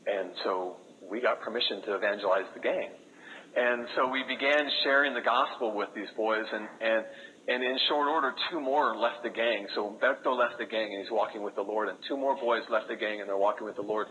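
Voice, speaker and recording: A man speaking as a missionary, telling a story to an audience in an earnest way, with lots of halting restarts. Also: on the low side, steady tone, bright, forceful tone, lo-fi sound, a little hiss or hum. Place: room with a live audience.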